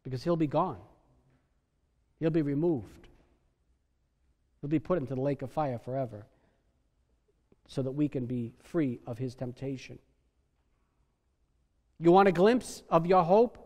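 A middle-aged man preaches from the pulpit, his voice pitched high for a man and ringing through a church with a long reverberant tail. He leans hard on key words, then drops to near-quiet before building again. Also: unhurried, long pauses. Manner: emphatic preacher, swings from soft to loud. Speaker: pastor. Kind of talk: sermon. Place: church sanctuary.

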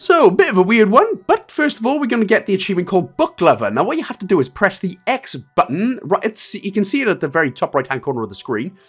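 A man's voice: high-pitched, big pitch swings, fast, hardly any pauses, husky, faint music behind. A man with a Welsh accent hosting a game walkthrough, giving step-by-step instructions with chatty, self-mocking asides. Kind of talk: joking gameplay walkthrough commentary.

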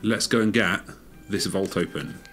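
Woman, very deep voice, casual gaming chatter, encouraging, game music behind. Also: moderate pace, a bit bright. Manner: chatty, encouraging, narrates the game as she plays. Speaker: gamer playing co-op with a child.

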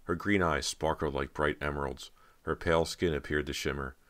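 A man with an extremely deep, low voice reads a horror audiobook in steady, measured narration. The delivery is even and deliberate, paced for storytelling.

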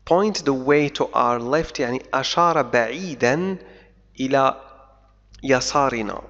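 A man who speaks Arabic natively, teaching English by reading a novel slowly line by line and then quickly explaining each line in Arabic. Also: medium pitch, fairly bright tone. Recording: dull lo-fi audio with long reverb.

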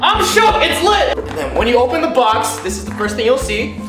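Hyper excited man in an echoey bathroom. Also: very high-pitched, brisk. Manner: hyper, shouty, giggly, lots of slang. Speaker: vlogger host. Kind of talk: excited unboxing vlog. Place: in a bathtub at home. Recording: echoey bathroom with background music.

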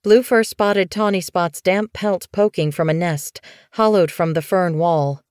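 A woman's voice: lowish voice, measured pace, a little mellow, clear, resonant tone, dry recording. Dry, close woman audiobook narrator.

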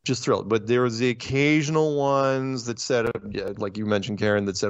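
Animated ranting man on a dull stream. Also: mid-range voice, no echo. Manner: animated, ranting, quick asides and restarts. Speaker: podcast host. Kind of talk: casual chat.

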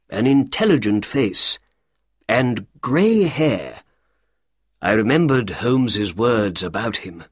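A man reading a story aloud as an audiobook, in the first person, with a slow, clear delivery. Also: on the low side, no room sound, clean studio sound. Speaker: audiobook reader.

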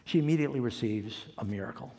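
A man's voice: mid-range voice, fast talker, gravelly, a little mellow, slightly rough, big-room sound. An older man preaching a sermon as pastor, telling a story and acting out the quoted voices.

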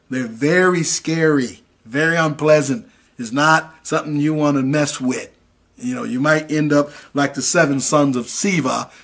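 A man preaching with a slightly husky, breathy voice that sits a touch higher than most men's. He speaks in a folksy way, telling a dramatic personal testimony between scripture lessons. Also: fairly bright tone. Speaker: minister. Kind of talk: internet sermon with personal testimony.

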